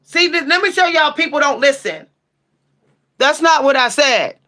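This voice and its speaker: A woman hosting her own livestream channel, ranting sassily and bluntly at her chat, swearing freely and breaking into shouts. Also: high-pitched, expressive, moderate pace. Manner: sassy, blunt, profane, shouts at times. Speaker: livestream tarot channel host. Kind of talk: heated livestream rant answering chat.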